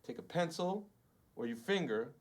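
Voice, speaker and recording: A man's voice: on the high side, expressive, normal speed, a little hiss or hum. A male voice actor giving an instructive demonstration of microphone technique in an interview.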